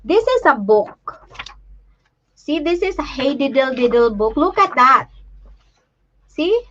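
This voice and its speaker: High-voiced woman, halting and emotional. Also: expressive, fairly bright tone, lo-fi sound, slight background noise. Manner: emotional, halting, many restarts; shows materials to the camera while talking. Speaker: livestream host and parent. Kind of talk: casual live chat.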